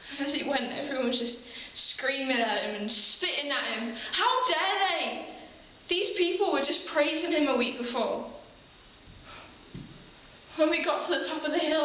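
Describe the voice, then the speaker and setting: A woman's voice: sits high, lightly acted. A woman playing an ordinary townswoman who tells her eyewitness memory of the crucifixion as an earnest, emotional monologue, with small laughs and sighs. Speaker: eyewitness in a church program video. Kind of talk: dramatic first-person monologue. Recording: very echoey room, dull sound, faint hiss.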